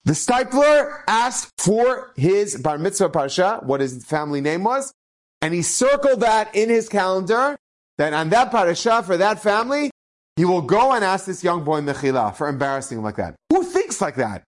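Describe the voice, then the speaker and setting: A male rabbi tells stories from the pulpit in a lively voice that leaps up and down. His voice sits somewhat high for a man, and he acts out every quotation with emphasis. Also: normal speed. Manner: animated, acts out quoted speech. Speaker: rabbi, inspirational speaker. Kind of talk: storytelling Torah talk.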